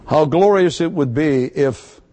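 A man preaching a sermon to his congregation, emphatic, repeating key words and slowing down to stress them. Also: fairly high pitch, darkish tone. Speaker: pastor.

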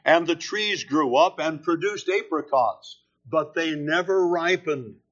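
A man preaching a sermon, slow and deliberate, leaning hard on key words. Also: a little high, fairly bright tone, slightly rough, highs cut off. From California.

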